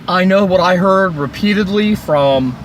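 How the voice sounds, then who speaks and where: A vlogger rants angrily into his phone beside a road, sarcastic and swearing a lot. His voice is high but he speaks a little slowly, and the recording carries a little hiss or hum.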